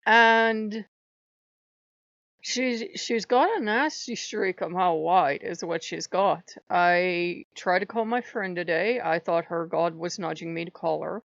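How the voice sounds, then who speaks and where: Exasperated woman ranting, gravelly voice. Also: lowish voice, takes it slowly, a bit bright, no room sound. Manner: heated, exasperated storytelling. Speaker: channel host. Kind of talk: casual spiritual monologue. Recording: dry, dull lo-fi recording.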